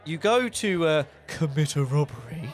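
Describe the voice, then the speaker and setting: Dry southern English lad. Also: male voice, fairly high pitch, lively intonation, moderate pace. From south of England. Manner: dry, teasing storyteller. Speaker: podcast co-host. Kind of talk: casual chat.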